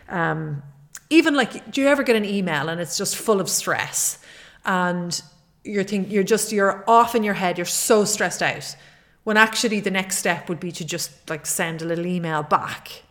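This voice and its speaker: A middle-aged woman hosting a solo podcast as a fitness coach, talking in an earnest, encouraging way and often repeating her key points. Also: on the low side.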